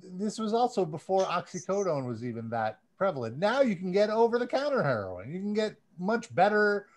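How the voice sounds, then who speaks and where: A male podcast host with a high, very lively voice, chatting casually. He rambles, laughs a lot and restarts his sentences as he goes. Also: brisk. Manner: rambling, laughs often, self-interrupting.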